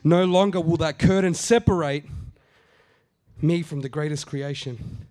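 A man's voice: fairly high pitch, measured pace, darkish tone. A middle-aged man preaching a conversational sermon, repeating phrases for emphasis and acting out the quotes he tells. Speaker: pastor.

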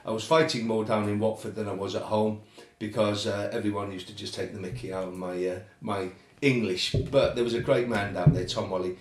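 Low-voiced North Welsh man telling stories. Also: level tone, a little fast, few pauses. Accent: North Welsh with a slight Cockney and Geordie twang. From North Wales. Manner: anecdotal, chuckling, acts out quoted voices. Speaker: guest, former footballer. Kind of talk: relaxed storytelling. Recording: roomy echo.

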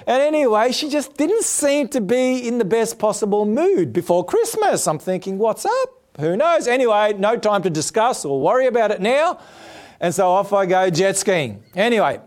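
A middle-aged man preaching a sermon, his voice pitched high for a man. He tells stories with animated jumps in pitch, then settles into a steady preaching tone. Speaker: pastor. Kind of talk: sermon with personal story.

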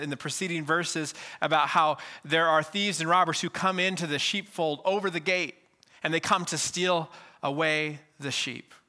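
Bright-voiced pastor preaching a sermon. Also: male voice. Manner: animated storytelling, acting out quotes with shifts of pitch.

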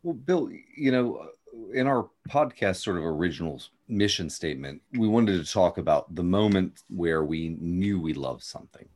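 A man co-hosting a casual podcast chat, speaking in a measured, thoughtful way and explaining his views at length. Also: sits low, lively intonation, darkish tone. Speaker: podcast co-host.

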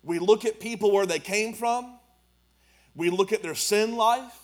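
High-voiced preacher. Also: male voice, unhurried. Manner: preaching with rising emphasis and Southern colloquial speech. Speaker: pastor. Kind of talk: sermon.

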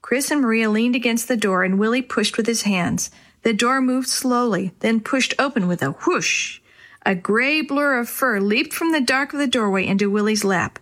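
A woman narrating a children's storybook chapter in a clear, expressive way. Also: fairly high pitch, normal speed. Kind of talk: storybook reading.

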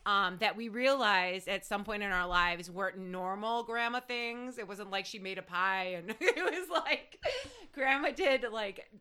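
Giggly woman with a bright voice. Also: medium pitch, clear, resonant tone. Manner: giggly, quick reactions, exclaiming. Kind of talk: casual chat.

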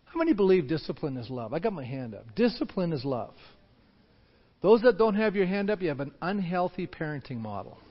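A man preaching from the pulpit, his high voice swinging up and down as he acts out panicked crowds. The sound is a little dull and muffled. A long reverb trails after his words, as in a large church hall. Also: a little fast. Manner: animated, acts out shouting crowds. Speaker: pastor. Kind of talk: sermon.

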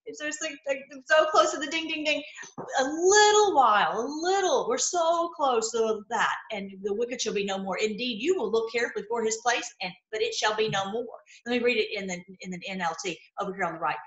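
A middle-aged woman teaching from scripture online, reading verses and commenting with emphatic repetition and sudden excited exclamations. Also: fairly high pitch, a little fast, hardly any pauses, lo-fi sound. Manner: emphatic, repeats lines, breaks into excited exclamations. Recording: echoey room.

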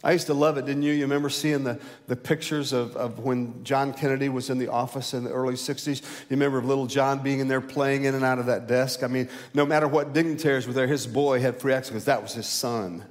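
Preaching pastor in a reverberant hall. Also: male voice, steady tone. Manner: swells loud and high for emphasis, then drops low and slow. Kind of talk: sermon.

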